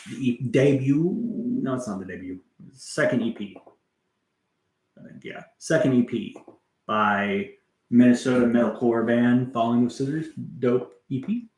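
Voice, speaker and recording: A man with a medium-pitched, slightly dark voice speaks unhurriedly on a music livestream, rambling casually and swearing offhandedly. He responds to his chat as he talks, and the room has a noticeable echo.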